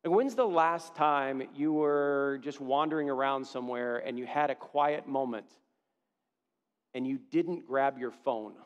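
A male pastor preaching a conversational sermon, often turning to the congregation with questions and building to animated lists. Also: medium pitch, a little slow, lo-fi sound. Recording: long reverb of a hall.

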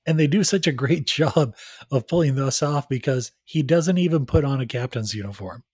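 A man's voice: mid-range voice, moderate pace, a little mellow, husky. A man co-hosting a casual podcast chat, making wry, chatty side remarks. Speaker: podcast co-host.

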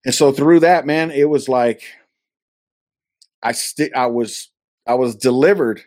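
A man's voice: mid-range voice, a little slow, darkish tone, no room sound, studio quality. A man from California, an interview guest, earnestly telling a personal testimony and acting out the dialogue he quotes. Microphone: video call.

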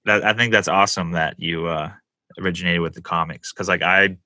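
A man hosting a podcast, chatting enthusiastically with frequent halting restarts. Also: sits low, fairly even intonation, bright, forceful tone, no room sound. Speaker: podcast host. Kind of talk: casual conversation.

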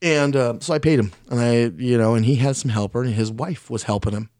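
A man of Mexican heritage, with a medium-pitched, darkish voice and a brisk pace, tells a long story in casual conversation. He's blunt and frank, swears a lot, rambles, and openly criticizes himself. The studio-quality recording has no room sound.

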